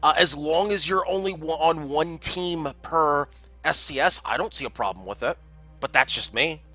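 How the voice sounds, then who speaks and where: A man's voice: on the high side, moderate pace, bright, forceful tone, faint music behind. A man casting a community game tournament on a livestream, chatty and jokey, reading out chat messages. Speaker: tournament caster.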